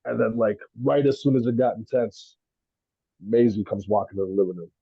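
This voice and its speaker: A man's voice: medium pitch, fairly quick, gravelly, slightly rough, dry recording, dull audio. A man telling a story in a rambling, laughing way on a casual podcast, swearing freely. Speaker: podcast guest, rapper. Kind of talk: casual chat.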